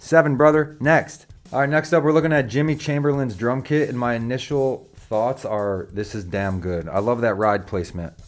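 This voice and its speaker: A young man, rating drum kits in casual, joking chat, swearing freely and calling listeners brother. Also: medium pitch. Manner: joking, profane, slangy, calls viewers brother.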